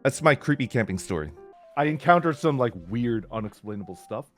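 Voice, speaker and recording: A man's voice: mid-range voice, animated, a little fast. A middle-aged man casually telling stories about camping and cycling, talking in loose, restarting sentences full of "like.". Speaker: streamer. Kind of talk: casual storytelling. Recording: faint music underneath.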